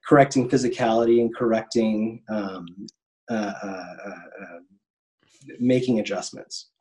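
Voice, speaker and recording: A man's voice: lowish voice, steady tone, a little slow, darkish tone, low-quality recording. Rambling man telling a work story. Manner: rambling, many ums and restarts. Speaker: animator guest. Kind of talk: casual interview storytelling.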